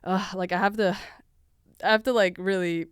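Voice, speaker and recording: A woman's voice: medium pitch, fairly even intonation, normal speed, clear, resonant tone, no echo. Young Venezuelan woman, podcast host, rambling chatty storyteller with a dry, close sound. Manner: chatty, many fillers, laughs often. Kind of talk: casual storytelling.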